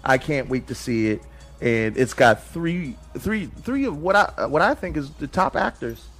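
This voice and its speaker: An excitable man co-hosting a casual movie chat. His voice sits a bit high and swings widely in pitch, and he is slangy and quick to laugh. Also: soft background music. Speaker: podcast co-host.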